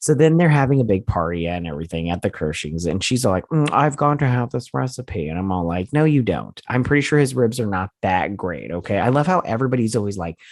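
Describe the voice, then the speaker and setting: Guy with a lowish voice doing a chatty show recap, super dry close mic. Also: fast, few pauses, no echo. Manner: animated retelling with playful put-on quotes and laughs. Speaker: show host. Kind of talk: casual episode recap.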